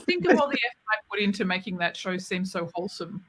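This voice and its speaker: A woman's voice: mid-range voice, animated, quick pace, a bit bright, slight background noise, rough recording. Playful woman co-host on a call. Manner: teasing, playful. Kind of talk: casual video-call chat.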